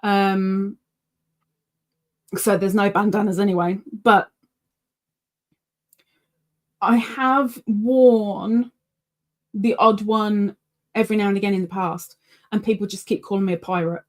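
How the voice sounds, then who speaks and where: A woman's voice: medium pitch, fairly even intonation, measured pace, pauses often. A British woman hosting a casual live yarn stream, chatty and rambling, full of fillers and restarts, cooing now and then at her pet. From Britain. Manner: coos baby-talk at her pet. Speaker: yarn channel host.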